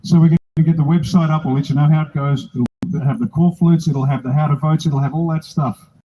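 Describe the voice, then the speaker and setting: An older man with an Australian accent delivers a rousing rally speech outdoors, blunt and full of jokes. His voice sits a little high yet sounds very dark and husky. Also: fairly even intonation, a little fast, muffled recording. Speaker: political speaker at a rally.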